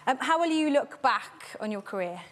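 A woman's voice: high-pitched, lively intonation, normal speed, fairly bright tone. A woman presenting a rugby show, interviewing a guest with probing but light-hearted questions. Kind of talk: studio interview.

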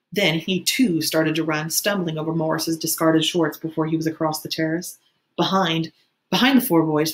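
A woman teacher with a fairly low voice reads a novel aloud for her students. Her reading is plain and steady, with occasional slips and restarts.

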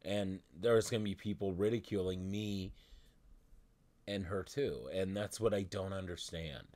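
A man with a lowish voice vents straight to camera in a heated vlog rant. He talks in an exasperated, profane way, restarting his sentences as he goes. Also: fairly even intonation, a little mellow. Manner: exasperated, swearing, halting restarts. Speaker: vlogger.

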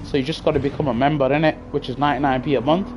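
Here the racing-game streamer talks at a racing clip, his medium-pitched voice keeping a fairly even intonation. It's laid-back live-stream banter over gameplay: he reacts while driving, responds to chat, and uses slang, all picked up by a gaming headset with engine noise and music in the background.

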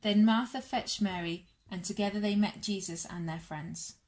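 A woman with a medium-pitched voice reads aloud from a Bible story at a church session for all ages, addressing children and their families in a warm, measured way.

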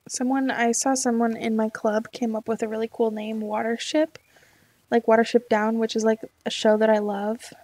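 A woman's voice: on the high side, a little mellow. A young woman chatting casually while playing a game, rambling and talking herself in and out of choices. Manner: rambling, indecisive, talks to herself. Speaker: gaming YouTuber. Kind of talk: casual let's-play chat.

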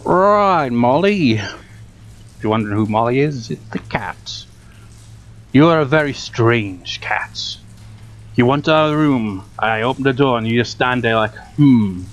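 A man's voice: medium pitch, lively intonation, unhurried, fairly bright tone. A young man giving exasperated, sarcastic commentary on a game he is playing at home, swearing often. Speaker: let's play gamer. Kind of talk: gameplay commentary. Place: home room with a cat. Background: game music.

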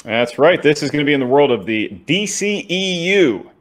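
A man's voice: a little high, big pitch swings, normal speed. A man co-hosting a trivia match, reading questions and teasing the other host with wry jokes. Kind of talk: joking banter and question reading.

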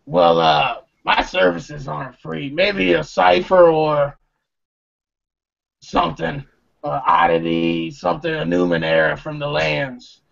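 A man voicing a scheming male adventurer who haggles in a slow drawl, heard on a muffled lo-fi recording. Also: fairly high pitch, animated, gravelly, fairly bright tone, exaggerated voice. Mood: bargaining.

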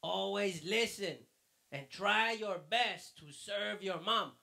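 High gravelly man teaching kids. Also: slow pace, bright, forceful tone. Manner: fatherly, calls the listener mijo. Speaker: children's church teacher. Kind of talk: children's lesson and quiz. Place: church.

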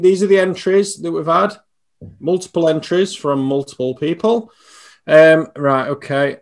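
A man co-hosting a podcast, teasing and bantering loudly. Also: a little high. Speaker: podcast co-host. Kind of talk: casual chat.

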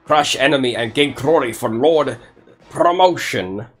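A man's voice: mid-range voice, expressive, measured pace. A man putting on a mock villain voice for a boastful male enemy army commander in a video game, speaking in broken grammar. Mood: gloating.

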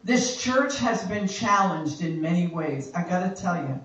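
A woman worship leader giving a spoken exhortation in a church, slow and emphatic, repeating her phrases for effect. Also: lowish voice, lively intonation. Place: church sanctuary. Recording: very echoey church hall from far off.

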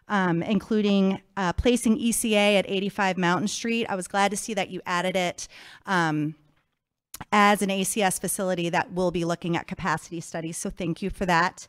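A woman's voice: mid-range voice, smooth. A woman giving a prepared public comment to a school board, firm and pointedly critical.

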